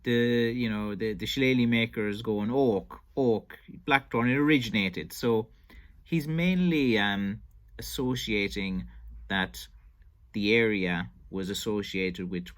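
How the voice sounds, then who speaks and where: A man's voice: on the low side, slow. Hesitant Irish-raised man commenting. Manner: hesitant, many fillers and restarts. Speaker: stick maker reviewing an old interview. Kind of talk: casual commentary.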